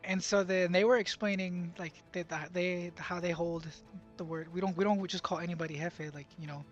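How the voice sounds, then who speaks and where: A man's voice: high-pitched, steady tone, brisk, lo-fi sound, faint music behind. A young man telling a confusing story from his job site in a casual, rambling way, full of fillers and restarts. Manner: bilingual, speaks Spanish at work. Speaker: vlogger.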